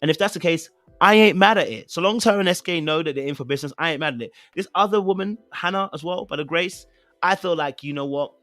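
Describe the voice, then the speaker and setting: A man's voice: on the high side, fast talker, fairly bright tone, no echo, soft background music. A man with a British accent hosting a podcast in casual live-stream chat, rambling with many fillers and repeated phrases, playfully insistent. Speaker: podcast host.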